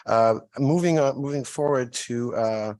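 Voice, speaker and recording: A state representative with a French accent questioning officials at a public hearing, hesitant and apologetic. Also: male voice, mid-range voice, a little slow, darkish tone, dry recording.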